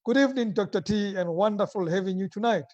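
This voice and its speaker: A man with a high, light voice hosts a live talk show. He speaks earnestly and reflectively, settling in before he welcomes his guest. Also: fast, darkish tone, no echo, lo-fi sound. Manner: opens with a told joke, earnest and reflective. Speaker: host.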